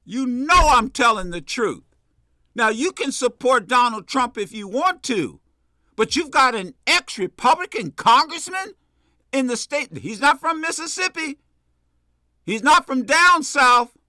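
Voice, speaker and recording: A man hosting a talk radio show, giving impassioned political commentary in a preachy way, repeating phrases and building to shouts. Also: extremely high pitch, expressive, measured pace, no echo, clean studio sound.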